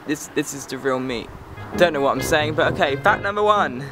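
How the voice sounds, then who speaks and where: A man's voice: fairly high pitch, lively intonation, a little fast, music in the background. A teenage boy from England, chatting to camera outdoors in a sarcastic, rambling, easily distracted way. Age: teens. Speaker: vlogger. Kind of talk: casual chat to camera.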